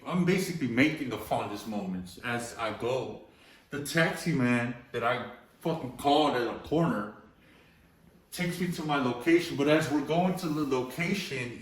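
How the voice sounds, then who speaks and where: Heard from across an echoey room, this male graffiti artist from Los Angeles tells stories as an interview guest in a relaxed chat. His voice runs on the high side, and his talk is full of swearing, street slang, and constant "bro" and "you know."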